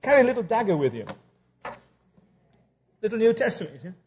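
A high-voiced male preacher delivers a humorous sermon in a very lively, swooping voice. He tells stories and acts out both sides of each conversation. The recording is dull and lo-fi. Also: a little fast, slight background noise.

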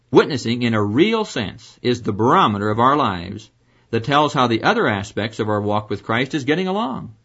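A man's voice: mid-range voice, a bit bright. Earnest guy preaching a short radio devotional, lots of questions, muffled old radio sound. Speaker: radio Bible teacher. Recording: dull lo-fi radio broadcast.

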